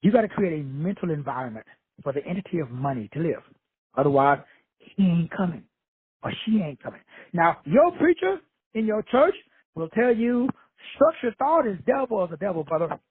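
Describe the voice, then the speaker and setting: A man's voice: high-pitched, sing-song, normal speed, dry recording. A blunt, profane man, from Texas, giving a casual motivational lecture. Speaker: self-help lecturer. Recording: dry tinny phone-like audio, husky voice.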